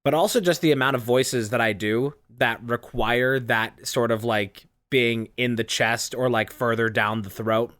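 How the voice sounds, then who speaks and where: Relaxed low chest-voice podcast host. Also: a little slow, few pauses, no room sound, studio quality. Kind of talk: casual chat.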